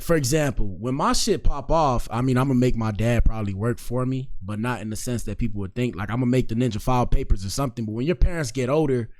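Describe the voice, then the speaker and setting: A young man hosting a casual online reaction show, talking loosely in slang and reading out viewer comments. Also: mid-range voice. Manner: loose slangy talk, reads chat shout-outs. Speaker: streamer host reacting to clips.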